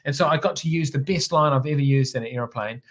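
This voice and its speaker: A middle-aged man with a New Zealand accent, a former helicopter pilot telling a story as a guest on an interview show, relaxed and rambling, often restarting and repeating words. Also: mid-range voice, fast talker.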